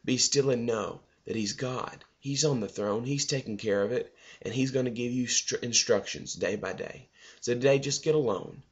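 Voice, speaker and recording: A man's voice: medium pitch, normal speed, lo-fi sound. A male preacher giving a loose, conversational devotional sermon that often repeats words.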